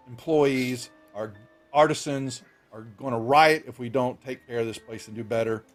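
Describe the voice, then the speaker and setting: A man's voice: mid-range voice, natural voice. A man voicing a tired, disheveled middle-aged guild master who talks in a weary, pleading way.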